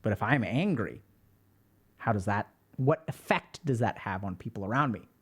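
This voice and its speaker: A man hosting a stream, reading a viewer's post aloud and explaining his thoughts in a calm, reflective way. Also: on the low side, normal speed, slightly rough. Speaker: host.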